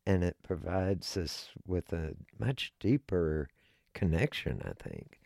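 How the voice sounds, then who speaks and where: A man co-hosting a podcast, talking in a slow, deliberate, instructive way. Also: deep voice, very animated, creaky, a little mellow, dry recording, clean studio sound. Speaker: podcast co-host. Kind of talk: casual podcast chat.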